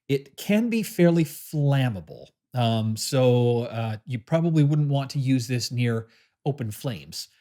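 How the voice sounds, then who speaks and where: A man hosting a casual pen review, talking in a relaxed, chatty way with frequent pauses and fillers while he shows the box and pen. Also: mid-range voice. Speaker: pen reviewer, channel host.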